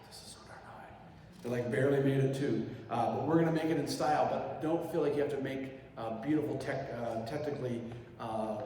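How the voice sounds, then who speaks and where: A male choir director with a mid-range voice instructs, encourages, and jokes with his singers during a rehearsal in a hall. The recording picks him up from a distance in echoey acoustics, with loud piano and a little hiss or hum.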